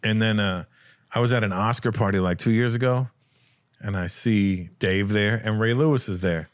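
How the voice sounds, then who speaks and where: A man's voice: lowish voice, normal speed, dry recording, clean studio sound. A middle-aged man hosting a casual chat, who tells anecdotes and acts out the voices in them. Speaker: podcast host and comedian.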